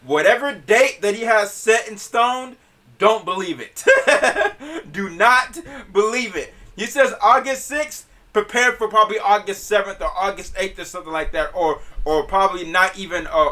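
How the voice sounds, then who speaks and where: Male podcast host, casual and animated, bright voice. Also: high voice, normal speed. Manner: animated, laughs often, repeats words.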